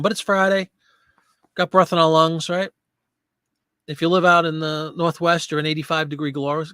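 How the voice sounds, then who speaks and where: A man's voice: a little high, fairly bright tone, dry recording. A middle-aged man hosting a casual live chat show, chatting and answering viewer comments. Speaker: host of a live chat show for online sellers.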